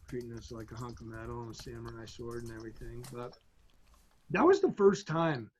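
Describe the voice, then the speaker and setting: A man as a podcast guest, telling motivational stories in an energetic, emphatic way and often checking in with "right?". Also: medium pitch, a little fast, rough recording. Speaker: guest, entrepreneur. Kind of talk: animated motivational storytelling.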